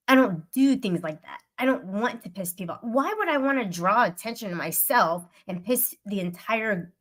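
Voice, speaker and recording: A woman's voice: medium pitch, fairly bright tone. A woman livestreamer venting to her live chat, upset and swearing in an aggrieved rant. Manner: aggrieved, profane ranting.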